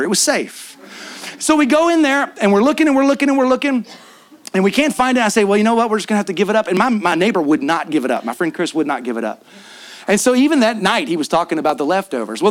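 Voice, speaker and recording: A man preaching at a church conference, telling a story in an animated way and acting out what his friends said. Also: high voice. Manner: animated, acts out friends' lines. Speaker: guest preacher. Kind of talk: storytelling sermon. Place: church in front of a congregation.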